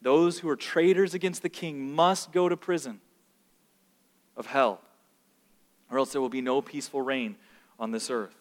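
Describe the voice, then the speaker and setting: A man preaching a sermon as pastor, animated, sometimes acting out the voices of complaining children. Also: medium pitch, normal speed, pauses often. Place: church sanctuary. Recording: long reverb of a large hall.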